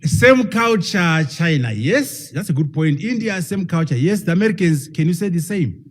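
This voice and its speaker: Animated husky-voiced man lecturing. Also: fairly high pitch, normal speed. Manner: emphatic, fires rhetorical questions at the audience. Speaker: professor giving a public talk. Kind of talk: public lecture to a live audience.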